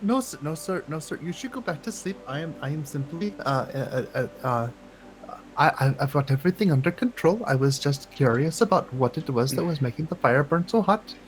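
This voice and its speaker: Man playing a deferential adventurer, formal "sir" talker, animated. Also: a little high, fairly quick, few pauses, close to an everyday voice. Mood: polite, flustered. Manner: formal and courteous, says "sir", nervous stammer. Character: Horton, an overly polite, deferential adventurer. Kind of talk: tabletop game role-play.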